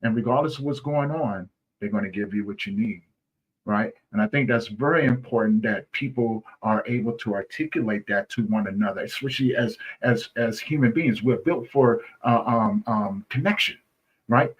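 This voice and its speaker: A man's voice: on the low side, normal speed, slightly rough, dull audio. A man speaking as a guest in a conversational interview, earnest, often asking "right?" and restarting his phrases.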